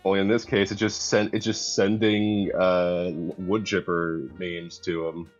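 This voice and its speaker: A man with a somewhat low voice chats casually on a stream, stumbling and restarting as he hunts for the right word. His sound is dull and lo-fi. Faint guitar music plays underneath. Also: flat delivery. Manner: halting, restarts often, searches for words. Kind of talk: casual chat.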